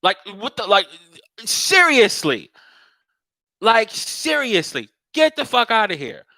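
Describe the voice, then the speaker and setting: A man's voice: high voice, takes it slowly, creaky, no room sound, low-quality recording. A man ranting in casual talk, swearing constantly and mocking others in put-on voices. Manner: profane, animated, mocks others in put-on voices. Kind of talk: casual political rant.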